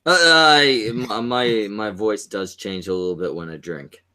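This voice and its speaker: A man's voice: fairly low pitch, a little slow, sharp tone. A man with a Canadian accent, chatting crudely in casual stream banter, often stumbling and restarting. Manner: crude, hesitant, many restarts.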